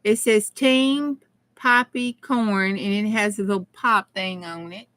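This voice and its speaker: Woman, Southern US accent, unhurried speech, bright voice, chatty and giggly, crafting livestream host. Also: mid-range voice. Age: middle-aged. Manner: chatty, laughs often, talks to viewers. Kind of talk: casual crafting livestream chat.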